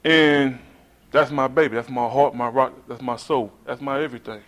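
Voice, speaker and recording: A man's voice: mid-range voice, steady tone, moderate pace, a bit bright. A man from North Carolina telling his personal story at a recovery meeting in a conversational way, often calling the listeners "man.". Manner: conversational, addresses the room with "man".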